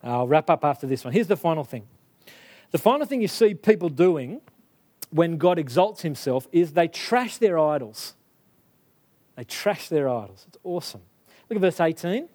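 A man's voice: a little high, animated, normal speed, darkish tone. A man preaching a sermon, stressing his points through repetition and speaking straight to his listeners.

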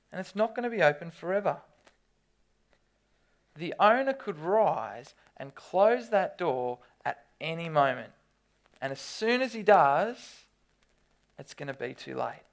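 Preacher, sermon, animated storyteller, restarts and repeats words. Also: medium pitch.

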